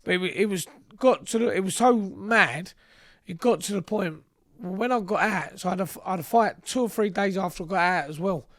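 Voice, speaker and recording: A man's voice: high-pitched, a little fast, a bit bright. A young man, telling stories in casual chat, swearing freely and acting out both sides of conversations. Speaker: podcast guest. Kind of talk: casual storytelling.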